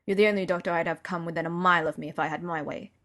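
A woman's voice: fairly low pitch, steady tone, racing, fairly bright tone, natural voice. A woman reading an audiobook voices an aloof, proud young man in pain, with a dry, clipped manner. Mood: guarded.

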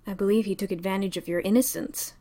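A woman reading an audiobook voices a gentle, worried male doctor with a soft, concerned manner. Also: medium pitch, fairly even intonation, fast talker, lightly acted. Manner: soft, concerned, sometimes swearing.

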